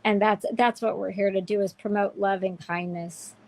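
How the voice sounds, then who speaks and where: Earnest woman with a gravelly voice. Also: mid-range voice, steady tone, normal speed, darkish tone, poor audio. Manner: heartfelt, emotional, many restarts. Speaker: show host. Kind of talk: candid livestream chat.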